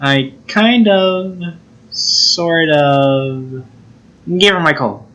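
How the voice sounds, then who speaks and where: A man's voice: fairly high pitch, extremely slow, sharp tone, full character voice. A man voicing a cheerful, bossy teenage girl who runs, in a perky and haughty manner, reading a visual novel aloud. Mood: sheepish.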